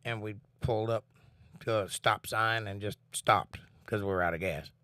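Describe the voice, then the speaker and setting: Relaxed man chatting on a livestream. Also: fairly low pitch, normal speed, smooth, dry recording, clean studio sound. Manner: relaxed, earnest, talks about faith and reads chat comments. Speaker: livestream host. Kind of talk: casual chat with viewers.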